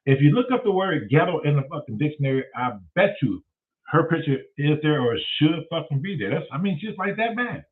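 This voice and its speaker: Profane, animated man on a tinny line. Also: on the high side, fairly quick. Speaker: show host. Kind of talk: casual storytelling monologue. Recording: tinny phone-like sound.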